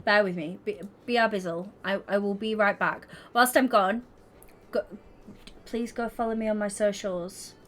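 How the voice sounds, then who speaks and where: A woman's voice: medium pitch, fairly even intonation, normal speed, a bit bright, slight background noise. A young woman streaming, chatting casually and giggling as she talks to her viewers. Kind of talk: casual livestream chat while gaming.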